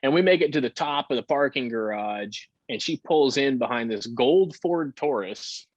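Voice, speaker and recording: A man telling his story candidly in a casual interview, with halting fillers and the odd curse. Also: mid-range voice, expressive, dry recording. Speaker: podcast guest. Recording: dull lo-fi sound.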